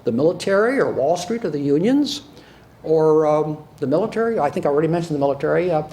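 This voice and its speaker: A man's voice: a little high, lively intonation, fast talker, dark tone. An older man from the United States, a former prosecutor, giving a sarcastic, emphatic talk to an audience, often repeating and restarting words. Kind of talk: speech to an audience.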